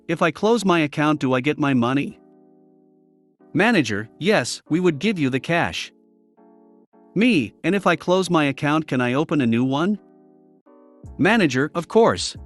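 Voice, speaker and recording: Lively male story narrator over music. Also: a little high. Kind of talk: scripted narration of reddit stories. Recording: faint background music.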